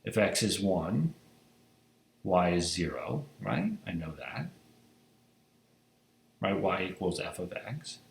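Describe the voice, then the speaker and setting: A man's voice: low voice, lively intonation, slow pace, creaky, pauses often, slight background noise. A man teaching a math lecture, emphatic and rhetorical, checking in with "right?" after most points. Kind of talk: recorded lecture. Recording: echoey room.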